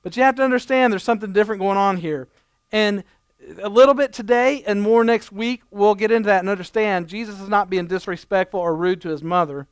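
A man's voice: sits high, a little fast, clean tone, dry recording, clean studio sound. A man preaching a conversational sermon, reading scripture and adding playful everyday asides. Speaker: pastor.

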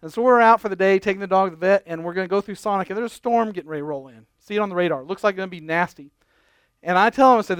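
Brief: middle-aged male pastor, high smooth voice, dry close sound, animated storytelling sermon. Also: rapid-fire, no room sound. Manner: animated, exasperated storytelling with quoted dialogue.

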